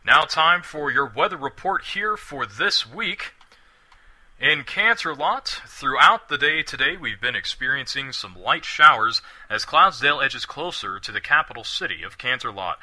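Bright lively man in a mock-posh radio bit. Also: medium pitch, normal speed. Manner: playful, mock-posh announcer delivery. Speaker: co-host reading a comic weather report.

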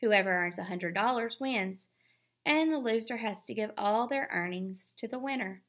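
A woman reading aloud, voicing a proud, quick-tempered young girl with a snappy, boastful manner. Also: medium pitch, expressive, a bit bright, natural voice. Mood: scheming.

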